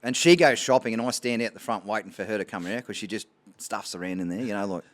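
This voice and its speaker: A man's voice: on the low side, fast talker. A man with an Australian accent, co-hosting a podcast and spinning casual yarns with plenty of laughter. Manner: animated yarn-spinner, laughs through his stories. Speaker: podcast co-host. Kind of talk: casual storytelling chat.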